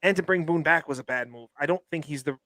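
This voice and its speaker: High-voiced emphatic sports podcast host. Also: male voice, quick pace, pushed and bright, no room sound. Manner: emphatic, many restarts. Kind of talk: casual sports chat.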